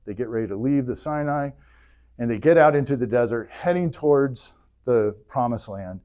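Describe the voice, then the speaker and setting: A man teaching an adult church class, retelling scripture in a casual, joking way with quick bursts of character voices. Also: mid-range voice, animated, darkish tone. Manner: jokey retelling, voices biblical figures in bursts. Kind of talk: casual Bible history lecture.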